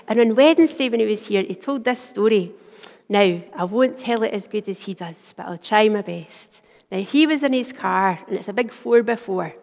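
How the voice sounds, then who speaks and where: A woman preaching a sermon, telling a story earnestly and dropping to a hush for quoted words. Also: medium pitch, vocal fry. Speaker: minister. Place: church. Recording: long church reverb.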